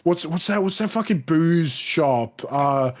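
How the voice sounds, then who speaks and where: A man's voice: on the high side, animated, slow, slight background noise. A man chatting casually about a tabletop game. He swears a lot and rambles through his points. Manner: rambling, frequent swearing, restarts. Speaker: podcast regular. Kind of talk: casual gaming chat.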